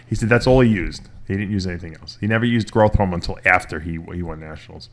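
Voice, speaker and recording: A man's voice: deep voice, fast talker. A man hosting a casual talk show, telling a long story with restarts and quoted voices. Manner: rambling, retells stories with quoted voices, many restarts. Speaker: podcast host.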